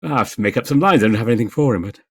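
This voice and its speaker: Man calmly explaining his voice work. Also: medium pitch, rapid-fire, breathy edge, no echo, clean studio sound. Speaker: voice actor guest. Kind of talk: casual podcast chat.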